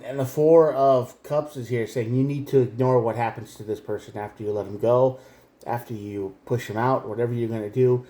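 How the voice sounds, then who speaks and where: A man with a medium-pitched, dark voice gives a tarot reading directly to camera, speaking bluntly and emphatically. The room he's in is echoey.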